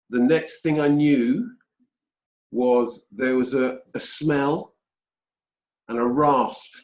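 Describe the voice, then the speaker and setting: British guy telling his story slow, pausing a lot, roomy dull audio. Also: medium pitch. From United Kingdom. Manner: slow, deliberate storytelling with pauses. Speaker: guest. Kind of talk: storytelling interview.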